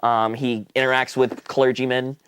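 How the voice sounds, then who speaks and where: A young man co-hosting a casual podcast, animatedly retelling a film plot and acting out characters in high voices. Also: level tone, moderate pace, a bit bright, smooth, dry recording, studio quality. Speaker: podcast co-host. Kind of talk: casual chat.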